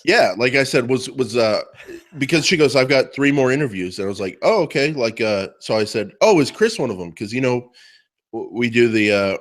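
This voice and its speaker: A man's voice: medium pitch, normal speed, fairly bright tone. A man co-hosting a podcast, telling a joking story in a teasing, casual way. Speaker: podcast co-host. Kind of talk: casual chat.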